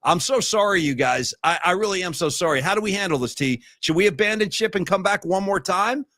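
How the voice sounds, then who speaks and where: A man in his fifties from Northern California, hosting a livestream podcast and chatting in an excitable, rambling, slangy way over a streaming call mic. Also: high-pitched, brisk, no echo, clean studio sound. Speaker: podcast host. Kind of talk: casual livestream chat.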